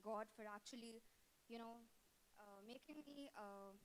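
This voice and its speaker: A woman's voice: a little high, measured pace, slight background noise, rough recording. A nineteen-year-old woman from Dubai giving a bridesmaid's toast, teasing and laughing with lots of fillers. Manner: giggly, teasing, many fillers. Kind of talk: wedding toast speech. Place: indoor reception hall. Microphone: handheld microphone.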